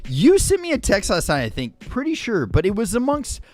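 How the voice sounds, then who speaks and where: A man hosting a livestream in casual chat, excitable and jokey, greeting viewers by name and saying "freaking" constantly. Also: sits high, normal speed. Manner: excitable, says "freaking" constantly, shouts out names; jokey and hyperbolic. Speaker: livestream host.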